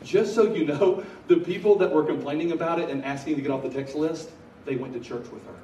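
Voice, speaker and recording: A man's voice: fairly high pitch, fairly quick, slight background noise. A middle-aged man preaching a sermon to a large room, telling stories with bursts of energy. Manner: energetic storytelling, bursts of excitement. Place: large room at a college gathering. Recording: echoey room from a distance, faint ambience.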